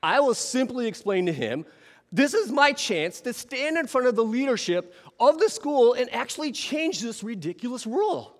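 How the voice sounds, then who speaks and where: A man telling a story to an audience in an animated way, often turning to ask the listeners questions. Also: extremely high pitch, moderate pace, long reverb tail. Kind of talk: storytelling talk.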